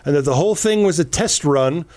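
A man's voice: on the high side, animated, fairly quick, a little mellow, no room sound. A man co-hosting a casual political talk show, reading news items aloud and adding sarcastic asides. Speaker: podcast co-host.

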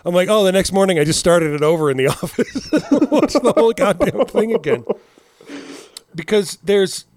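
A man's voice: medium pitch, a little mellow, no echo, studio quality. A man in his forties, co-hosting a podcast in casual chat, rambling and cursing as he tells stories with laughs. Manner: rambling, profane, laughing storyteller. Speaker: podcast co-host.

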